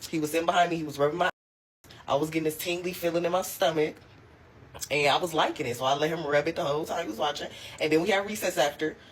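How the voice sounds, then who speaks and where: A young woman telling a casual storytime, animated and slangy, laughing as she goes. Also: low-pitched, quick pace, slight background noise. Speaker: storytime vlogger.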